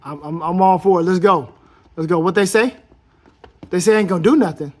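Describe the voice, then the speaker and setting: Guy voicing a swaggering king, loud and brash, ready to fight, toy play. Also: sits high, brisk, natural voice. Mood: boastful. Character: boastful male toy king, ready for battle.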